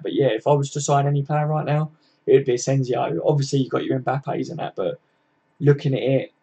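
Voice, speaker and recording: A gravelly, husky-voiced man talks casually on a live stream. He chats loosely, swears freely and answers viewers as he goes. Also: medium pitch, darkish tone. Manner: chatty, sweary, reads out viewer comments. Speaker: livestream host. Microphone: computer mic, live stream.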